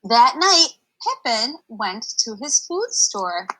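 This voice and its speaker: A woman's voice: a little high, sing-song, slow, a bit bright, low-quality recording. A young adult woman reading a picture book aloud to children on a livestream, stopping to explain words in a chatty way.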